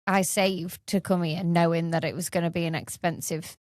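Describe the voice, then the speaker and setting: A woman's voice: on the low side, flat delivery, moderate pace, darkish tone, no echo, clean studio sound. A woman, chatting casually on a podcast, laughing often and swearing freely. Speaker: podcast co-host. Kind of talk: casual chat.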